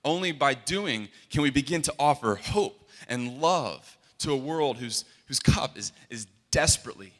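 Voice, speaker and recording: A man's voice: mid-range voice, lively intonation, normal speed, few pauses. A young man giving a sermon as a worship leader, earnest and conversational, often restarting his sentences. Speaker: worship leader and guest speaker. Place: large hall. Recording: long hall reverb.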